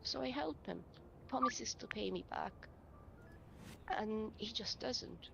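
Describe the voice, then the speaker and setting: Gravelly woman telling her story haltingly. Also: a little high, a bit bright, muffled recording, a little hiss or hum. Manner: emotional, halting, with many fillers. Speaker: interviewee in a video. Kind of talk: personal account in an interview.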